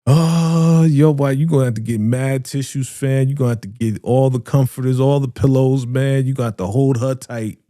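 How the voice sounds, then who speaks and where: A man with runs a live reaction stream. He talks in a mellow, warm voice and swings from loud hype to low mutters while he reads out viewer comments. The sound is close and dry. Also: moderate pace, hardly any pauses, no room sound. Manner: animated, slangy, reads viewer comments aloud. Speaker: reaction show host.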